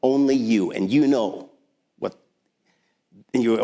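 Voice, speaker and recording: Guy pastor preaching, chatty and animated, lots of restarts, echoey church hall. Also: lowish voice, moderate pace. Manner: conversational, animated, with many restarts. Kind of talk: sermon. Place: church sanctuary. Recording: long hall reverb.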